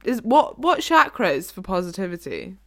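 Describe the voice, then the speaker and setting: A woman's voice: medium pitch, very animated, normal speed, a bit bright. A woman co-hosting a casual podcast, playful and teasing. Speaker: podcast co-host. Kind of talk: casual chat.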